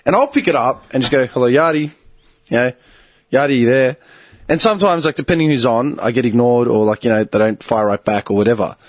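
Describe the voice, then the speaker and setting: A man's voice: mid-range voice, fast talker, hardly any pauses, no room sound. An Australian man hosting a podcast, telling stories in casual chat, swearing a lot and breaking into laughter. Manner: animated storyteller, swears a lot, bursts of laughter. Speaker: podcast host.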